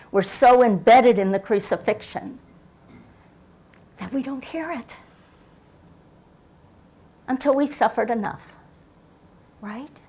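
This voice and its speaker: Older woman pastor preaching softly. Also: fairly high pitch, husky. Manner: reflective, varies loudness, drops to near whispers for emphasis. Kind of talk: sermon. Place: church sanctuary.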